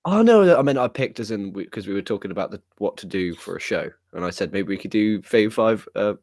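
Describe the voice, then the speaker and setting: A man co-hosting a casual wrestling talk show, chiming in quietly and low-key. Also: animated, fast, no room sound, studio quality. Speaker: podcast co-host.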